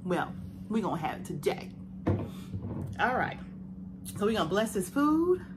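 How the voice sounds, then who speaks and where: A woman's voice: medium pitch, sing-song, a little slow. A woman hosting her own cooking and mukbang vlog. She talks in an upbeat, chatty way and often says "oh yeah". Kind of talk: casual vlog chat. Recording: noticeable background noise.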